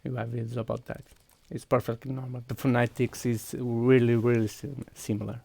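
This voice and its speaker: A man with a Portuguese accent chats casually on a live game stream, talking viewers through each step as he goes. His voice has a gravelly, creaky edge and a mid pitch. The sound is dry and close, with no room echo. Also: flat delivery, brisk, warm tone. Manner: walks viewers through steps while clicking, thinking aloud.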